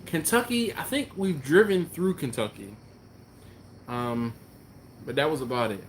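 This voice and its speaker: A man in the middle of a casual barbecue live stream, reading out viewer comments and chatting back in a relaxed, meandering way. His voice sits at an ordinary middle pitch. A faint hiss of background noise runs under the talk. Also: measured pace. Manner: relaxed, rambling, answers chat comments. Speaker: BBQ channel host.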